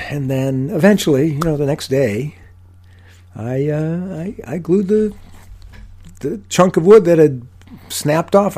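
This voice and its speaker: Husky older man telling a workshop story. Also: mid-range voice. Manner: animated, self-mocking, dry humor. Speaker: woodworker. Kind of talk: casual storytelling. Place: podcast recording.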